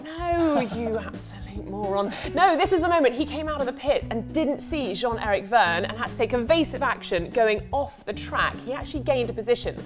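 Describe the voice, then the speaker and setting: A woman's voice: on the high side, animated, brisk, few pauses. Playful woman co-hosting over music. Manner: playful, teasing banter. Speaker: co-host. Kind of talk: casual news presenting. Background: background music.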